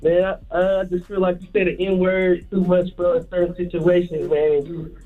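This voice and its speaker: A man's voice: sits high, little pitch movement, normal speed, faint music behind. A man calling in to a radio show, earnest and a little hesitant. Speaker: caller. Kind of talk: call-in radio chat. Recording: tinny phone line.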